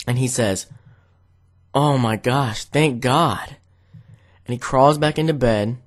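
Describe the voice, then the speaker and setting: A young man vlogging to camera, telling a casual, rambling story full of "like" fillers. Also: mid-range voice.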